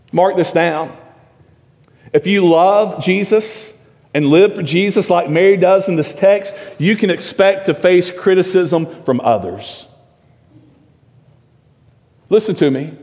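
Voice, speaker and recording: High-voiced preacher in a reverberant church. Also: male voice. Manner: emphatic, rhetorical questions, swings from loud to hushed. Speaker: pastor. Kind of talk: sermon. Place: church sanctuary. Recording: long reverb of a church sanctuary.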